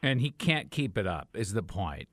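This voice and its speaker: A man's voice: on the low side, big pitch swings, moderate pace, dry recording. A man hosting a morning radio show, talking in a playful, teasing way into a studio mic. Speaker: radio host.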